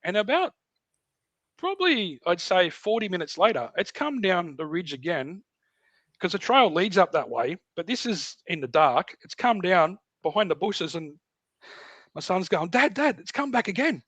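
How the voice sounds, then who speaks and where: This middle-aged Australian, a guest on a podcast, spins a tale in relaxed conversation, animated as he mimics voices and sound effects. His voice is high and his speed normal, with no echo in the recording.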